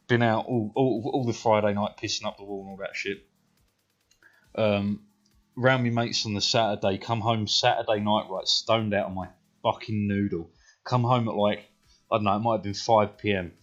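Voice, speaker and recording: A British man in his thirties, a streamer rambling through profane personal stories and checking in with "right?" all the time. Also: on the low side. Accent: British English. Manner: rambling, heavily profane, says "right?" a lot. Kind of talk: casual storytelling while gaming. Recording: dull stream audio, faint music.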